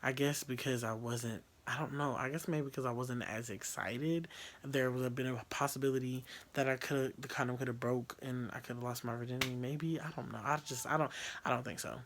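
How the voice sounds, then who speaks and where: A young vlogger tells a personal story to camera in a mid-range, steady, slightly bright voice at a fairly quick pace. He's candid and profane, rambling along with fillers and restarts.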